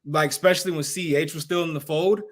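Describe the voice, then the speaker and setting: A man's voice: a little high, steady tone, fast. A young man co-hosting a sports podcast, casual and leaning on filler words. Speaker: podcast co-host.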